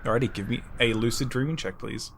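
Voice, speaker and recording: A man running a tabletop role-playing game as game master, narrating scenes slowly and deliberately. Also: medium pitch, fairly bright tone, a little hiss or hum.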